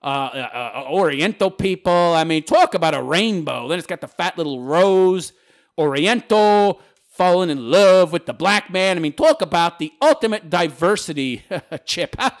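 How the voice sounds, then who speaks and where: A man's voice: high-pitched, animated, moderate pace. A man hosting a channel, reading viewer comments aloud and answering them in a sarcastic, mocking, combative rant. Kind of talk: ranting commentary.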